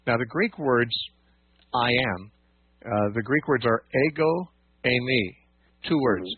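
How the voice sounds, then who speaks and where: A man with a husky voice teaches scripture on a call-in radio program, unpacking points patiently and restarting his sentences. The sound is dry and narrow, like a phone line. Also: mid-range voice, animated, unhurried, no room sound. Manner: patient, explanatory, many fillers and restarts.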